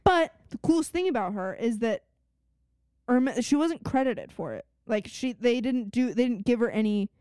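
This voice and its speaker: A young woman with a high voice co-hosts a podcast in loose, chatty talk. She rambles with enthusiasm, filling her sentences with "like." She is recorded dry and close to the mic. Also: expressive, normal speed, mellow, clean tone, dry recording. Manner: chatty, full of "like" fillers, enthusiastic. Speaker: podcast co-host. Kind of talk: casual chat.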